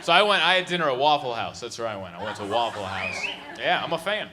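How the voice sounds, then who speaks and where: A man's voice: mid-range voice, sing-song, fast. A man performing a stand-up comedy set, telling stories and acting out the people in them. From San Diego. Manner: storytelling with acted-out voices. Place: comedy venue with laughing audience. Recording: live show with audience noise.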